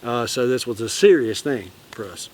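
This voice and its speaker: A man, telling a fishing story in a casual, animated way and acting out the quotes. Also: mid-range voice, normal speed, slight background noise. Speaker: channel host.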